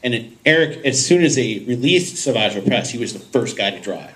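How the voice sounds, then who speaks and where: Man telling an animated panel story. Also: medium pitch, a little fast, rough recording. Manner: animated, acts out voices in his anecdotes, laughs often. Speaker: podcast host on a convention panel. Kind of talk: casual storytelling to a panel audience.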